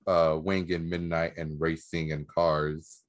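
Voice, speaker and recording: A man's voice: very deep voice, flat delivery, takes it slowly, no room sound. A man co-hosting a podcast in casual banter, joking and trash-talking with frequent laughs. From Southern California. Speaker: podcast co-host.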